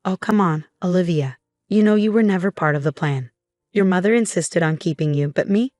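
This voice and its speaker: A woman's voice: on the low side, brisk, darkish tone, no room sound, natural voice. A woman voicing a drunk, scornful middle-aged father in a narrated story, with a cold, slurred manner.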